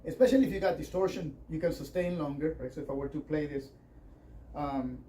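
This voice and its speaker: A man with a fairly high, mellow voice talks briskly while teaching a guitar workshop, rambling conversationally and using lots of fillers between playing demonstrations. The mic is distant and picks up faint noise.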